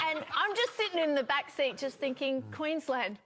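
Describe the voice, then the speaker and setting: High-pitched woman telling a funny story. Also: fairly quick, few pauses, a little hiss or hum. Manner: animated, laughing storyteller.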